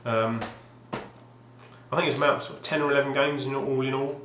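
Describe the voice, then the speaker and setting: Man, casual vlog ramble, hesitant and wry, mid-pitched, roomy echo, faint background hiss. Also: fairly even intonation, fairly quick, fairly bright tone. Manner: hesitant, restarts often, wry. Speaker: video game collector vlogger. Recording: roomy echoey home recording.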